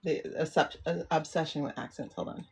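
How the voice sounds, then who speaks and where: A woman's voice: deep voice, brisk, gravelly, a little mellow, slightly rough. A woman hosting a casual livestream chat. She talks in a rambling, chatty way and often breaks off mid-sentence. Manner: rambling, self-interrupting, chatty. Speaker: livestream host and tarot reader.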